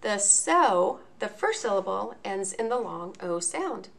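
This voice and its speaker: A woman teaching a lesson in a video, explaining each point slowly and enunciating clearly. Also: mid-range voice, very animated, fairly bright tone. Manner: slow, deliberate, clearly enunciated.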